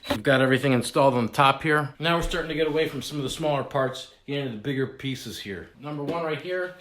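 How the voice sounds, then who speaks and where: Deadpan joking man in echoey room. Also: medium pitch, fast. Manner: mock-serious, deadpan humor about a toy kitchen. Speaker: realtor hosting a home renovation video. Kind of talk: joking do-it-yourself walkthrough.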